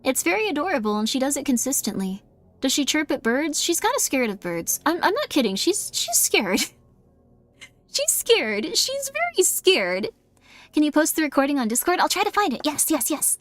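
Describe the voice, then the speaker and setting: A fairly high-pitched woman streamer chats casually with her viewers. She rambles, uses lots of fillers, and laughs often.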